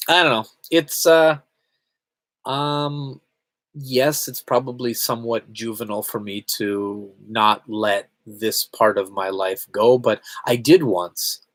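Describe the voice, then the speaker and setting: A man hosting a live game stream, talking loosely and thinking out loud as he answers chat. His voice sits at an ordinary middle pitch. It is close and dry, with no room sound around it. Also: dry recording. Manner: chatty, self-reflective, rambling.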